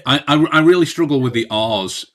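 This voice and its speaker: An English man co-hosting a casual podcast chat, tripping over his words in quick restarts and laughing along. His tone is bright and forceful at a mid pitch. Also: expressive. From England. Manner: stammering restarts, playful and laughing. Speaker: podcast co-host.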